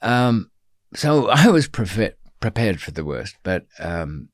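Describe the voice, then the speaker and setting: A man with a fairly low voice spins a long story as a podcast guest, wandering off into wry asides and filling pauses with ums. The sound is close and dry, with no room echo. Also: big pitch swings. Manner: rambling and digressive, many ums, wry asides. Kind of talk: storytelling in an interview.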